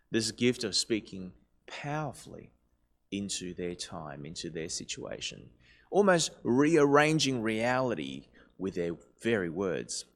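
Brief: male pastor, sermon, conversational, swooping very expressive pitch. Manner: lively, conversational preaching.

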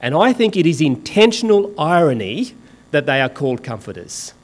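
A man's voice: fairly high pitch, sing-song, normal speed. A man preaching a sermon in an emphatic, sarcastic and colloquial way.

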